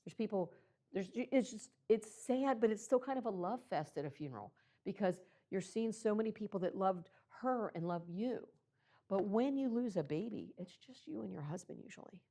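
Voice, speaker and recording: A woman presenting to clergy, speaking earnestly and personally, with frequent pauses and ums. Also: mid-range voice, animated, mellow. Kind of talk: talk to clergy about baby loss. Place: meeting room.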